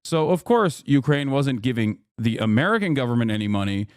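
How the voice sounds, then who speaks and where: Guy streaming, sarcastic rants about the news, dry close mic, mid pitch. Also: lively intonation, a little fast, clear, resonant tone, no echo. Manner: sarcastic, mocking, digressive. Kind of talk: casual live-stream commentary.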